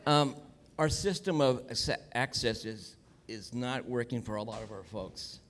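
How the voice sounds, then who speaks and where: A man's voice: mid-range voice, measured pace, a bit bright, a little hiss or hum. A man who has worked for decades in homeless services, answering at a panel on a handheld microphone, blunt and plain-spoken. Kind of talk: panel discussion remarks.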